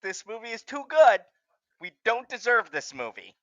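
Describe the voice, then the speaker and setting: A man hosting a movie watch-along in casual chat, gushing with excitement and swearing freely. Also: very high voice, normal speed, dry recording, dull audio. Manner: excitable, gushing and heavily profane.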